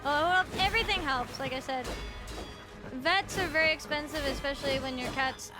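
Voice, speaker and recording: A young woman streamer giving relaxed, chatty commentary while playing a game, with many casual fillers. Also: high voice, moderate pace. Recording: game music behind.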